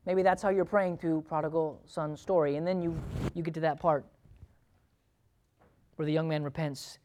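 A man's voice: a little high, flat delivery, moderate pace, a little mellow, slight background noise. A man, a pastor, preaching a sermon in a conversational way, asking the congregation questions and acting out thoughts and prayers aloud.

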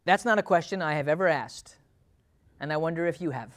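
A man preaching a sermon as pastor to his church, swinging from loud emphatic passages to hushed, intimate asides. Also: fairly high pitch, brisk.

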